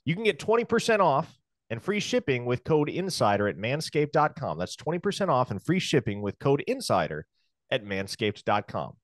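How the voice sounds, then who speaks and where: A man's voice: medium pitch, very animated, moderate pace, dry recording, studio quality, voice pushed up, close to an everyday voice. A man putting on a hammy mock-Irish ad voice. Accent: mock Irish slipping toward Scottish.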